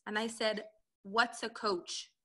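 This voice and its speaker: Bright-voiced woman telling her story. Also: medium pitch, little pitch movement, slow. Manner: earnest storyteller, acts out quoted dialogue. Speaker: relationship and business coach, guest. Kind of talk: interview, personal story.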